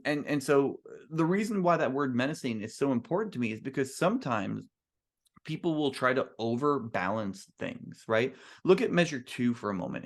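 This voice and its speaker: A man who is a composer, giving an earnest, emphatic talk to musicians at a band clinic and restarting his sentences often. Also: mid-range voice.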